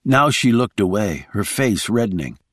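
Guy reading a thriller audiobook, animated, dry studio feel. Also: on the low side, normal speed, no room sound. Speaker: audiobook narrator. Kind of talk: scripted narration.

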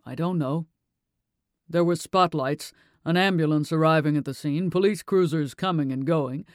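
A man doing a steady, matter-of-fact cop. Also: fairly high pitch, no room sound, studio quality, lightly acted. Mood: measured. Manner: measured, matter-of-fact answers. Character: calm, steady male police officer testifying.

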